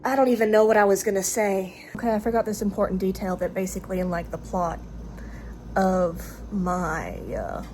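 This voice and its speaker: Woman, Southern US drawl, halting self-recorded vlog talk, mid-range voice, faint background noise. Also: medium pitch, darkish tone. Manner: hesitant, halting, full of fillers and restarts. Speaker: vlogger speaking to camera. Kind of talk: casual rambling monologue. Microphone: camera recording herself.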